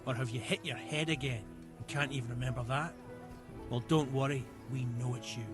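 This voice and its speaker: A man's voice: mid-range voice, steady tone, fairly quick, natural voice. An actor playing a bullying male debt collector in a video game, talking in a taunting, threatening way over game music. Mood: menacing.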